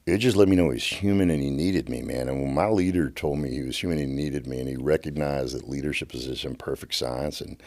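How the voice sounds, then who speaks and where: A middle-aged man with a drawl and a strikingly deep, low voice tells stories as a podcast guest. He talks with passion, stumbling over repeated words and restarting his sentences. The sound is close and dry, with no room echo. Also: fast talker, few pauses, darkish tone. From United States. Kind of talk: passionate storytelling. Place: podcast studio.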